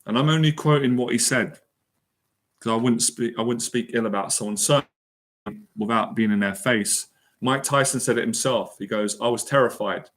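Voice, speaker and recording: A fairly bright, medium-pitched male voice moves at a moderate pace through a motivational talk. Speaking as an anxiety and confidence mentor, he's heartfelt and earnest, echoing certain phrases for emphasis.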